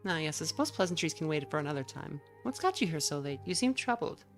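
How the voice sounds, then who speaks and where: A woman voicing a gentle, genteel older lady with courteous, old-fashioned phrasing. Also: sits low, sing-song, fast talker, faint music behind.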